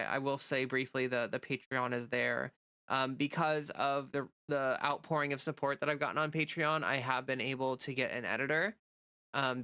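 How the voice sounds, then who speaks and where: A woman's voice: very deep voice, pushed and bright, clear, resonant tone, no room sound. Young woman, casual streamer, rambling with fillers and restarts, dry close sound. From United States. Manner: reads chat comments aloud and greets viewers. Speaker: livestream host. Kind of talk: casual livestream chat.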